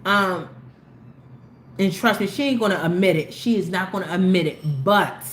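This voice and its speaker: Woman ranting about celeb gossip on her channel, slangy and loud then low, echoey room. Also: moderate pace. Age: older. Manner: animated, opinionated, slangy, swings between low asides and loud exclamations. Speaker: commentary host. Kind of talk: casual celebrity gossip commentary. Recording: echoey room with faint ambient noise.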